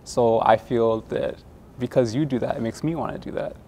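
A man teacher earnestly and gently thanking one of his students. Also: medium pitch, moderate pace, a little hiss or hum.

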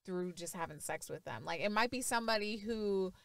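A woman's voice: medium pitch, fairly quick, no echo. A young woman co-hosting a podcast, talking candidly and telling stories with lots of "like.". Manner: candid, animated storytelling with lots of "like". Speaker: podcast co-host. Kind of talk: casual chat.

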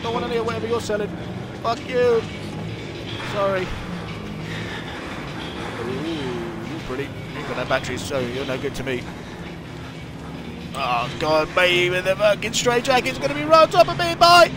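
A man's voice: high voice, lively intonation, normal speed, long pauses, background noise. A man commentating a horror game, swearing a lot, jumpy, and talking back to the characters on screen. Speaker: gamer.

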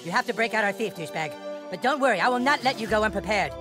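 A man's voice: sits high, expressive, very fast. A pompous bossy cartoon boy wizard. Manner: pompous, commanding, theatrical. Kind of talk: video game dialogue. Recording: game audio over loud music.

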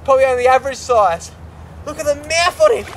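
Australian man, very high voice, out of breath, whooping, casual slang, outdoor swamp, faint background noise. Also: fast talker, a bit bright. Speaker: wildlife adventurer host. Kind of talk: excited on-location presenting.

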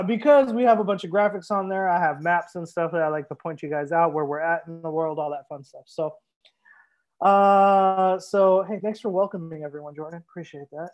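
A man's voice: high-pitched, normal speed. Upbeat young man hosting a wine livestream. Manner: chatty, upbeat, addresses viewers directly. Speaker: sommelier and show host. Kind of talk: live-streamed wine tasting chat.

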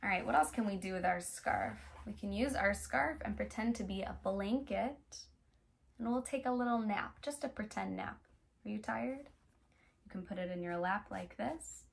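A young woman teaching a music class for toddlers, speaking gently and playfully and asking the little ones lots of questions. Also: medium pitch, normal speed, creaky. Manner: gentle, playful, talks straight to small children with many questions.

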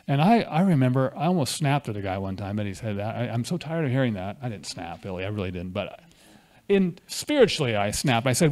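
A man's voice: medium pitch, very animated, brisk, a little mellow. A man preaching a conversational sermon at a church fellowship, often asking the congregation questions.

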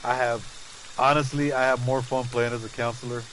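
A man's voice: mid-range voice, flat delivery, normal speed, background noise. A middle-aged man chatting casually over his gameplay, laughing often and talking to his chat and teammates. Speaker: gaming streamer.

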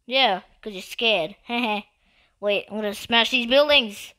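Bright, slow-talking excitable gamer woman. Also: fairly high pitch. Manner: excitable, repetitive trash talk. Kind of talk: live gameplay commentary.

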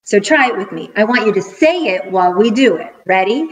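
A middle-aged woman teacher giving a cheerful video lesson to young children, counting out rhythms slowly and clearly. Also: medium pitch, expressive, rough recording. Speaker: school teacher.

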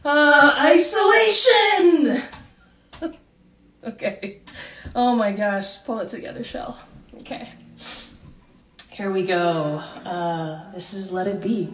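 A woman's voice: medium pitch, fairly even intonation, slow, long pauses, darkish tone. Chatty woman musician, slightly distant mic. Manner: chatty and self-deprecating, laughs often. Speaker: singer-songwriter streaming live from home. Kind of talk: casual livestream chat between songs. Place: home, by a fire.

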